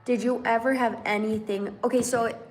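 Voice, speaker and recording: Lively woman telling a story on a livestream. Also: on the high side, normal speed, a little hiss or hum. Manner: animated storyteller, acts out quoted dialogue. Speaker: channel host. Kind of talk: casual live-stream chat. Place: home in Mexico.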